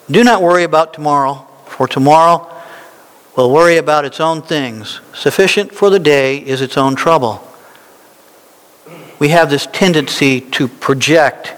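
A male pastor preaching a sermon, slow and emphatic, climbing into animated, insistent peaks when he drives a point home. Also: on the high side. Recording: reverberant hall.

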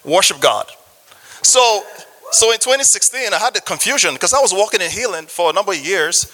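High bright-voiced man preaching in a hall. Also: animated, a little fast. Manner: earnest, testimony-sharing, asks audience for amens. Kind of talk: sermon with scripture reading. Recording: long hall reverb.

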